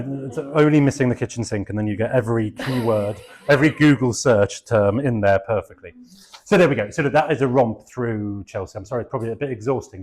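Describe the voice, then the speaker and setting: A garden designer, middle-aged and from England, talks to the public in a chatty way with a southeast English accent. His pitch is fairly low and his tone darkish. The talk is rambling and self-deprecating, peppered with fillers.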